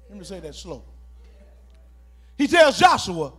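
A pastor preaching a sermon, calling for responses and shouting key words as he repeats phrases. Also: high-pitched, sing-song, moderate pace, long pauses, breathy edge.

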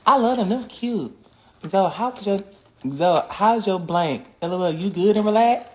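A woman's voice: mid-range voice, expressive, normal speed, darkish tone, reverberant, slight background noise. A woman chatting crudely and laughing a lot on a phone livestream. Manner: crude, joking, laughs often. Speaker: social media personality. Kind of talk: casual livestream chat.

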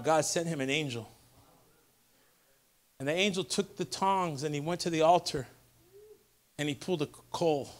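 A pastor preaching a sermon to a church congregation, with impassioned, repetitive call-and-response lines that build to shouted peaks. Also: male voice, on the high side. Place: church service before a congregation.

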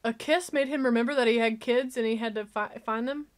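A woman giving excitable, gushing casual commentary while reacting to a movie. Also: a little high, fairly quick.

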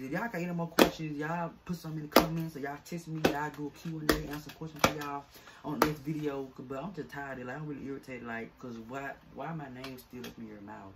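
Fed-up man venting, noisy recording. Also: medium pitch. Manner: irritated, fed-up, rambling slangy rant. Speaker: vlogger. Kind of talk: venting to camera.

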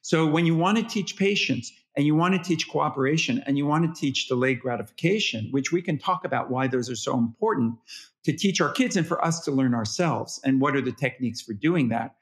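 Talking a little fast in a mid-range voice, a male parenting expert explains his points with animation during an interview. He demonstrates by performing how parents speak to their toddlers.

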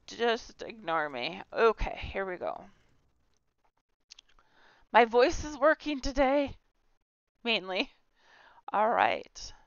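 A woman's voice: fairly high pitch, animated, slow, long pauses, smooth, no echo, lo-fi sound. A woman hosting a casual tour of a game house, chatty, giggly and self-deprecating. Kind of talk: casual gameplay tour commentary.

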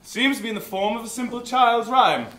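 A man's voice: very high voice, fairly quick, background noise. A man playing a bumbling, theatrical inspector. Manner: theatrical, lively, mock-grand. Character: pompous bumbling male police inspector. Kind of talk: amateur stage comedy acting. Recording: echoey theatre hall from far off.

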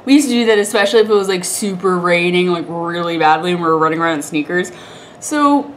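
A woman's voice: lowish voice, lively intonation, fast, slight background noise. A young woman vlogger with a congested, stuffy voice, telling a rambling story to the camera in a chatty way, laughing often.

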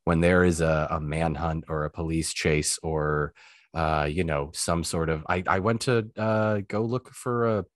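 A man talking as a podcast guest, telling animated stories and acting out the lines he quotes. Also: extremely low pitch, a little slow, no echo, studio quality. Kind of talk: casual interview chat.

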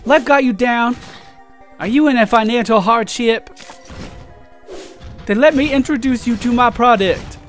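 A man hamming up a pushy infomercial pitchman in a put-on accent. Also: a little slow, pauses often, fairly bright tone, soft background music. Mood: salesy. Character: overeager male infomercial pitchman.

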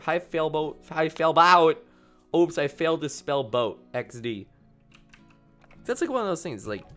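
Animated young male game streamer. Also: a little high. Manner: rambling, playful, reads chat aloud. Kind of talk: casual gameplay commentary.

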